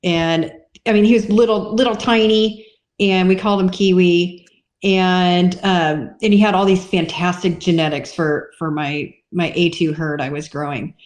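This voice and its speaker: A woman's voice: lowish voice, fairly even intonation, moderate pace, darkish tone. A woman dairy farmer as a podcast guest, chatting casually and acting out little voices in her stories. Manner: chatty storyteller, acts out voices.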